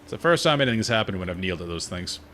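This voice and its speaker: A man streaming a fantasy game, giving relaxed, chatty commentary with wry asides. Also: low-pitched, rapid-fire, noisy background. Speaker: gaming streamer. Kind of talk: casual gameplay commentary.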